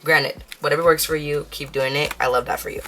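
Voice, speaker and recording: A woman's voice: low voice, steady tone, fairly quick, a bit bright, a little hiss or hum. A young woman vlogging about her budget in a chatty, casual way, counting bills aloud and mixing in Spanish phrases. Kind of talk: casual chat while counting cash.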